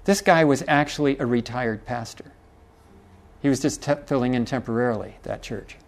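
A man's voice: medium pitch, a little fast. A middle-aged man preaching a sermon, telling a folksy story with chuckles and asides to the congregation. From Texas.

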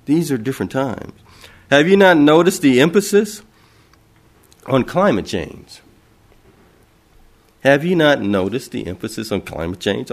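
A man's voice: fairly high pitch, big pitch swings, normal speed, long pauses. A man preaching an impassioned sermon, asking rhetorical questions and repeating phrases for emphasis.

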